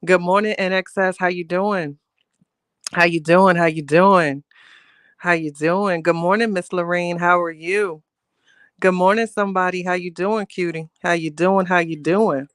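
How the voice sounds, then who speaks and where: A woman's voice: fairly low pitch, a bit bright, smooth, dry recording. A chatty middle-aged woman, hosting a casual live stream and greeting viewers with pet names. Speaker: livestream host greeting chat.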